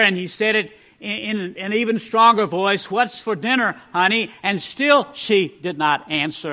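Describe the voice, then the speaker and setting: A male pastor with a voice that sits high preaches a sermon, telling folksy, humorous stories and dropping to a hush for the punchlines.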